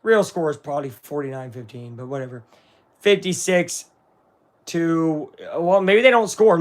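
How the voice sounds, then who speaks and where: A man hosting a casual live watch-along of a football game, excitable and swinging between hype and grumbling. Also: high-pitched, moderate pace. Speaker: live-stream sports watch-along host.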